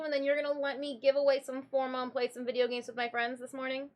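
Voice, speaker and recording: A woman's voice: high voice, monotone, fast talker. A woman from Michigan chatting casually on a live stream, greeting viewers and talking to her cats.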